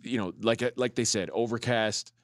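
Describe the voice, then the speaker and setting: A man's voice: on the low side, moderate pace, no echo, clean studio sound. A man co-hosting a sports betting show, chatting casually and often stumbling over and repeating his words.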